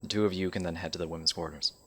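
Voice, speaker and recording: A man's voice: deep voice, steady tone, racing, a bit bright, slightly rough. A man narrating a tabletop game as game master, describing the scene in a loose, casual way.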